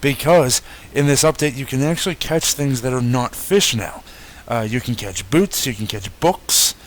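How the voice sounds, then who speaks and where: In a casual game update walkthrough, a young male YouTuber narrates at an everyday pitch with a faint background hum. He's laid-back, frequently stopping with fillers and fixing what he's just said.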